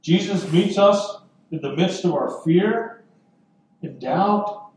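A man preaching a sermon as pastor, earnest and deliberate, with dramatic pauses. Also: high voice, a little mellow. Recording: echoey room from far off.

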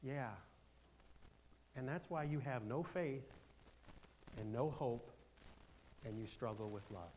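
A man preaching a sermon as pastor, speaking emphatically, asking for amens and swinging from loud declarations to hushed asides. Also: medium pitch, measured pace, pauses often, a little hiss or hum. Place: church.

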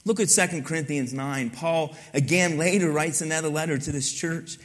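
High-voiced preaching pastor. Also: male voice, normal speed. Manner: conversational preaching, teasing congregation, repeats key lines. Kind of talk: sermon.

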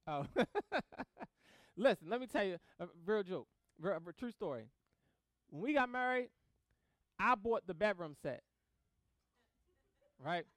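A man preaching a sermon in a casual, animated way, acting out both sides of conversations and laughing as he tells stories. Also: high voice, a little slow, pauses often, no echo. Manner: casual slang-filled delivery with laughter. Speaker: pastor.

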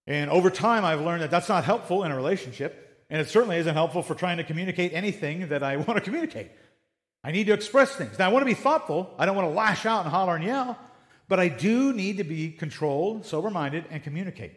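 A man's voice: sits high, expressive, fast talker. A middle-aged man preaching a sermon in a conversational way, acting out little everyday dialogues. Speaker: pastor.

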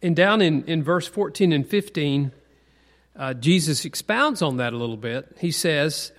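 A man with a slightly high, expressive, unhurried voice teaches a Bible class, sermonizing conversationally, asking the group questions and repeating key points for emphasis. The room has a long hall reverb.

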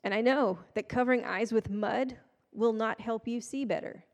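A woman's voice: a little high, normal speed. A woman giving a casual, conversational sermon with playful, self-deprecating asides. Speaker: preacher. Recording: long hall reverb.

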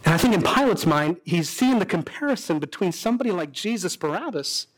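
Man, pastor, sermon, high voice, dramatic storytelling. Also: expressive, a little fast. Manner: dramatic storytelling preacher, voicing characters with pitch swings.

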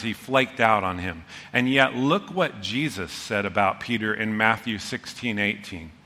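A middle-aged male pastor preaching a sermon, telling stories with animated, voiced quotes. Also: medium pitch. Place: church hall. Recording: long hall reverb.

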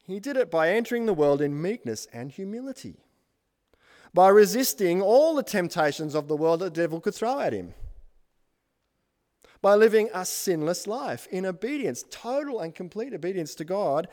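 A man delivers a sermon from the pulpit, his voice sitting a little higher than most men's. He drives his points home with repeated lists and turns to the congregation with questions. The sound carries a long reverb from the hall. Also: sing-song, moderate pace, darkish tone. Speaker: pastor.

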